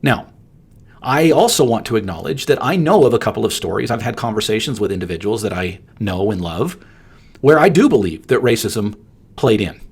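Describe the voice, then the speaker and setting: A man's voice: on the low side, expressive, moderate pace, gravelly, husky. A man hosting a solo podcast, talking earnestly and emphatically, often repeating words for stress. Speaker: podcast host and appraiser coach.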